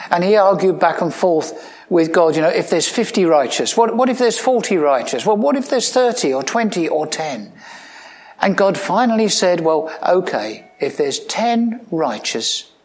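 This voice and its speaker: A pastor preaching a sermon in a conversational style, asking his listeners questions, with touches of dry humor and sudden emphatic lines. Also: creaky. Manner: swings between emphatic rising lines and low quiet asides.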